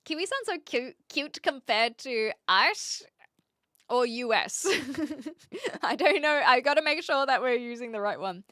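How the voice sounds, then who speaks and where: Streamer, woman, English accent, bright voice, dry close sound, rambling chat. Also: high voice, animated, a little slow, no room sound. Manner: chatty, rambling, reads out chat questions. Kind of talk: casual chat with live chat.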